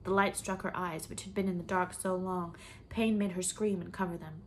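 A woman narrating a storybook in a measured, expressive way, her voice pitched fairly low. A faint hiss sits under the recording. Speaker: audiobook reader.

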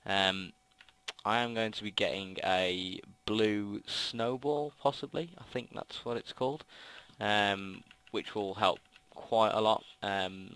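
A young Brummie man talks through a football management game in a low voice with a bright, forceful edge. He rambles and stacks up ums and restarts, speaking into a headset mic in a dry, close-sounding space. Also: no echo, rough recording. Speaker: gaming commentator. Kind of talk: casual game commentary. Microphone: gaming headset mic.

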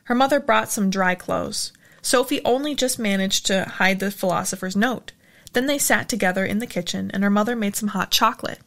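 Woman, audiobook narrator, steady storytelling, middle pitch. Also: brisk, vocal fry. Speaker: audiobook reader. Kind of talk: reading a novel aloud.

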